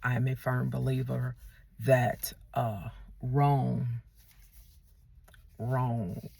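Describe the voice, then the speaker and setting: A woman's voice: a bass voice, flat delivery, drawn-out words, gravelly, dark tone, slightly rough, no room sound. A woman vlogger delivering a ranting monologue to her viewers, emphatic and repeating herself as she restarts her sentences.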